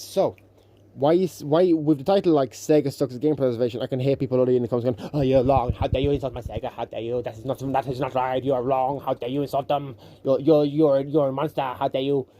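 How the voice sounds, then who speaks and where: A man's voice: medium pitch, mellow. A young man giving casual gaming commentary on his channel, rambling, sarcastic and correcting himself as he goes. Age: young adult. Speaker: YouTuber.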